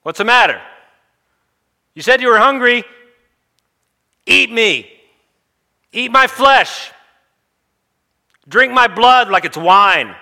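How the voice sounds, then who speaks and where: A man voicing an impassioned teacher who shouts high and loud, with drawn-out words, to a hungry crowd. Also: animated, long reverb tail, heavily acted. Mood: challenging.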